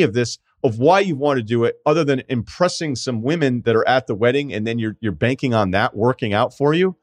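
A man's voice: medium pitch, a little fast, hardly any pauses, no echo. A man in his forties hosting a podcast, giving casual advice in a blunt, emphatic way with many asides. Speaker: podcast host.

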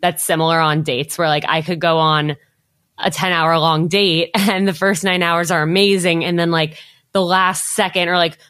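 A woman's voice: lowish voice, flat delivery, moderate pace, fairly bright tone, no room sound, studio quality. A woman hosting a podcast, chatty and upbeat, with lots of filler "like". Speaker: podcast host. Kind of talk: casual podcast chat.

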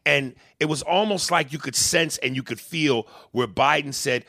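A man's voice: fairly high pitch, moderate pace, no echo, studio quality. A man arguing politics in a heated, profane way, often retelling and acting out what others said. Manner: heated, profane, animated storytelling. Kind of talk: casual political debate.

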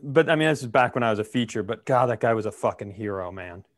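A man's voice: lowish voice, lively intonation, fast talker, no room sound, studio quality. A male comedian co-hosting a podcast, telling a story in casual chat and swearing freely.

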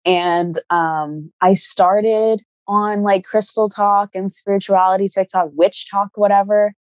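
A young woman guest on a podcast, talking about crystals in a relaxed, rambling way with many fillers and restarts. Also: medium pitch, slow pace, no echo. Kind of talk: casual podcast conversation.

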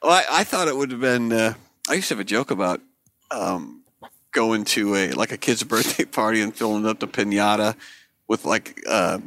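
A man's voice: lowish voice, lively intonation, moderate pace, fairly bright tone. A man co-hosting a casual comedic chat, rambling through jokes and acting out little bits. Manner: rambling joke-teller, acts out bits. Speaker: podcast co-host.

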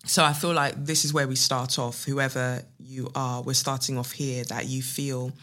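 A woman's voice: a bass voice, little pitch movement, normal speed, a bit bright. A woman hosts a casual podcast from her living room, chatting playfully and reading tarot with spiritual asides. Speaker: podcast host.

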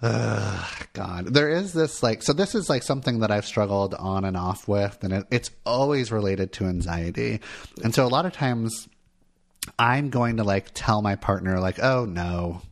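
A man's voice: on the low side, lively intonation, normal speed, gravelly. A man co-hosting a podcast in casual chat, talking candidly and rambling with many fillers. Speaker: podcast co-host, therapist.

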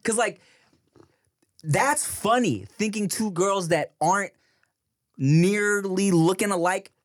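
A man co-hosting a podcast, reacting to a story and chiming in with quick comments in casual chat. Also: sits high. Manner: responsive listener, short reactions and quick comments. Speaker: podcast co-host. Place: podcast studio.

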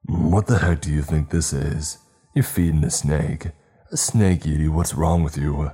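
A man's voice: a bass voice, fairly even intonation, unhurried, mellow, breathy edge, faint music behind, heavily acted. Man doing a seething, growling angry father. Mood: outraged. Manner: seething, growled through clenched teeth. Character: big angry father, harsh and threatening.

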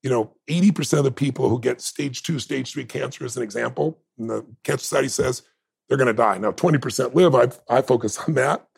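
A man's voice: mid-range voice, fast talker, creaky, breathy edge. A man talking as a guest in a conversation, telling stories in an intense, heartfelt, emphatic way. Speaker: podcast guest. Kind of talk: emotional storytelling in conversation.

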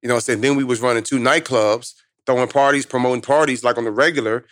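A man's voice: mid-range voice, steady tone, fast talker, a bit bright, dry recording, studio quality. A man telling his life story in a casual, emphatic, slangy conversation as a guest. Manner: emphatic, slangy, full of street talk. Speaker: guest, motivational speaker.

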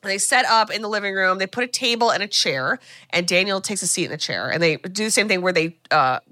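A woman podcast co-host with a bright, crisp voice, recapping a film in a lively casual chat. She talks fast and loose, full of "like" and side remarks, and the sound is close and dry. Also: mid-range voice, dry recording. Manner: animated, chatty, full of "like" and quick asides.

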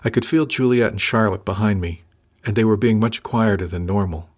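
A man reading a first-person science fiction story aloud in a measured, dry manner. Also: lowish voice. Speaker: narrator. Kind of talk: scripted first-person audiobook narration.

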